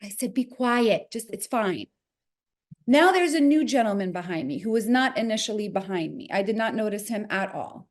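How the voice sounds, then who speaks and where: A woman in her forties with a New Jersey accent, an interview guest telling a story with expressive quoted voices. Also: mid-range voice, a little fast, hardly any pauses. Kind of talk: animated storytelling.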